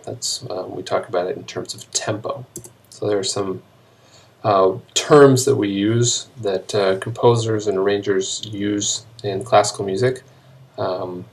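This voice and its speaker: Guy teaching music class on video, lowish voice, lots of ums, easygoing. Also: gravelly. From United States. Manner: relaxed explaining with many ums, sings short melody examples slowly. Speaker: high school music teacher. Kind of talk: recorded classroom video lesson.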